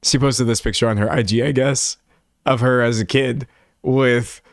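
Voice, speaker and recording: A young male Texan streamer with a creaky, mid-range voice chats casually with comments at a moderate pace, with no room sound and a dry, close recording. He's animated and plays up quotes in mock-dramatic voices, sitting in a home room with a set backdrop.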